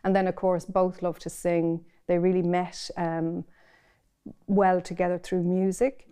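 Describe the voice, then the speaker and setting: A woman's voice: on the low side, level tone, unhurried, warm tone, clean tone. A middle-aged woman with an Irish accent, reading her own prose expressively and then talking about it in an interview. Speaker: author.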